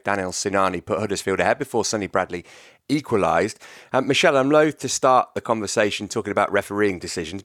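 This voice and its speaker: A man's voice: on the low side, a bit bright, dry recording, studio quality. A man presenting a football show, reading links and putting questions to his pundits. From half Welsh. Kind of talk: scripted sports presenting.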